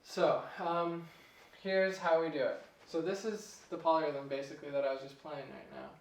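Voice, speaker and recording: A young man giving a casual piano lesson, relaxed and chatty, chuckling at himself now and then. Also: a little high, moderate pace, distant mic. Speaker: piano teacher. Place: room with a piano. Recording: echoey room, voice off-mic.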